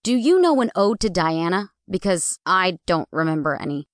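A woman narrator voicing a kind, patient young man who speaks gently and soothingly. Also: lowish voice, big pitch swings, moderate pace, no room sound, studio quality.

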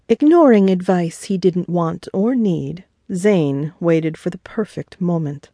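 A woman, the author, narrating her own children's audiobook in a measured way. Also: fairly low pitch, dark tone, no room sound, studio quality. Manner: slow, measured reading.

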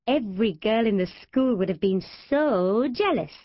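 A woman's voice: mid-range voice, animated, moderate pace, no room sound, muffled recording, pitched above the performer's own voice, close to an everyday voice. A woman voicing Jazz, an eager, gossipy young girl who talks wistfully.

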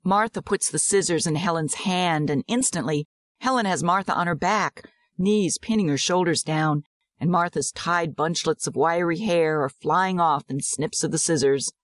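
A woman narrating a dramatized audiobook in a measured, descriptive way. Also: lowish voice, dry recording, clean studio sound.

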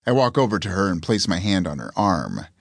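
Low-voiced male audiobook narrator. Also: sing-song, fairly quick, no room sound, studio quality. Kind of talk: first-person audiobook narration.

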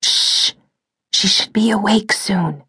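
A woman narrator voicing a nervous, secretive woman staffer in a breathy whisper, in a whispered role-play from an audiobook. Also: fairly low pitch, fairly even intonation, brisk. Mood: hushing.

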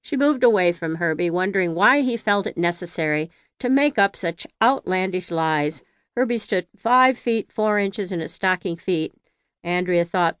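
Smooth, measured audiobook woman. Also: on the low side, a bit bright, dry recording, studio quality. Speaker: author narrating her own audiobook. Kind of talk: audiobook narration.

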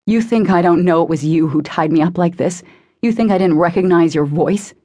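Casting: hostile teen boy, cold and spiteful, low husky tone, played by a woman narrator. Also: fairly quick, mellow, lightly acted. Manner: cold, spitting contempt. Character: bitter hostile teenage boy, cold and contemptuous.

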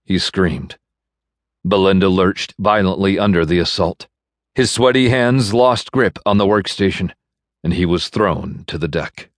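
Deep-voiced man narrating an audiobook. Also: no room sound, clean studio sound. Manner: measured, even storytelling. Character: bitter man navigator. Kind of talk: scripted narration. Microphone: studio microphone.

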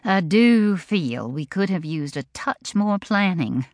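Lady doing a fussy bride, snappy and dramatic, big swings in pitch, dry close sound. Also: animated, slow pace, darkish tone, dry recording. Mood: fretful. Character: fussy, superstitious bride, a grown woman.

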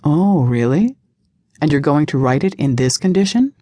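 A woman voicing a calm, commanding man with a smooth, unhurried, sarcastic tone. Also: a bass voice, dry recording, exaggerated voice. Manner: slow, smooth and nonchalant.

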